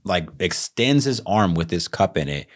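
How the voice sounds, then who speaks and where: A man with a Texas accent, co-hosting a podcast and telling a story in a casual, animated way, acting out the lines he quotes. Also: low voice, moderate pace. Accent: Texan. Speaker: podcast co-host.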